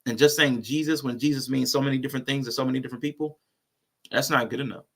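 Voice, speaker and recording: Guy hosting a reaction stream, gravelly voice with a bright edge, blunt and chatty. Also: mid-range voice, steady tone, quick pace. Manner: blunt, conversational. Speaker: host. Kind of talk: casual reaction commentary.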